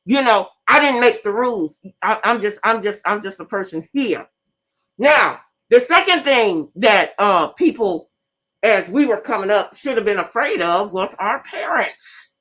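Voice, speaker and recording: A middle-aged woman hosts an online radio talk show, her mid-range voice expressive, unhurried and fairly bright despite the rough recording. She tells stories emphatically and bluntly in a casual monologue. Throughout, she speaks straight to her listeners.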